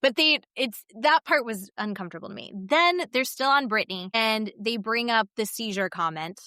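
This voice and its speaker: Bright animated woman podcaster. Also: fairly high pitch, normal speed, no echo, studio quality. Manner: animated retelling, acts out quotes, frequent restarts. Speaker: podcast co-host. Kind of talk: casual chat recapping reality TV.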